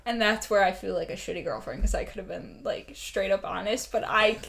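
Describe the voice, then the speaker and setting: A woman's voice: medium pitch, a little fast, vocal fry. A young woman co-hosting a podcast, chatting casually and telling stories animatedly, with lots of "like" and laughter. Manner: animated storytelling, full of "like" and laughter. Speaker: podcast co-host. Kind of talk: casual chat.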